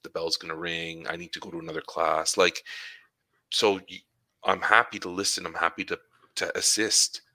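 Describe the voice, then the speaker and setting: A man's voice: low voice, pushed and bright, no echo, low-quality recording. A man who works as a supply teacher, chatting casually and acting out conversations with his students as he tells stories. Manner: storytelling, acts out dialogue with students.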